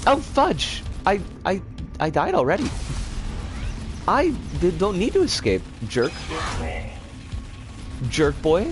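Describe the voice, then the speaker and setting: A lively, up-and-down voice from a streamer playing through a game and chatting with viewers. The talk stumbles over frequent restarts and mild curses. Soft game music runs underneath. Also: medium pitch, slow pace, pauses often. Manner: chatty, self-correcting, reads chat aloud. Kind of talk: live game stream commentary.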